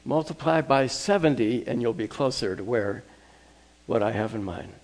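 Brief: male preacher playing a calm, encouraging teacher, relaxed and conversational. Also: medium pitch, normal speed, close to an everyday voice. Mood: wry.

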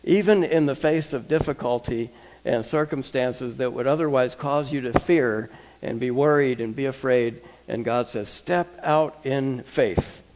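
Conversational male preacher with mid-pitched voice. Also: moderate pace. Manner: conversational, repeats words, drops to soft emphasis. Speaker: pastor. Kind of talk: sermon.

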